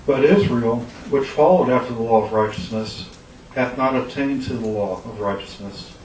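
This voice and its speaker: A man in a Bible class reading a scripture passage aloud in a plain, steady way. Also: mid-range voice, normal speed, slight background noise. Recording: echoey room, far from the mic.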